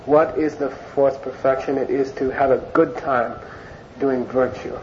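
A man with a medium-pitched, slightly mellow voice gives an informal Dharma class, unhurried and steady in tone. He speaks conversationally, often repeating words and phrases for emphasis, on a dull lo-fi recording with faint hiss.

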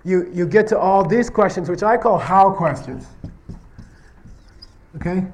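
Male Buddhist teacher, slightly high voice, chatty lecture, constant "okay?" check-ins. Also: animated, unhurried. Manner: repeatedly checks understanding with "okay?" and "you see what I mean?"; tells stories, acting out question-and-answer exchanges. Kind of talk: conversational classroom lecture.

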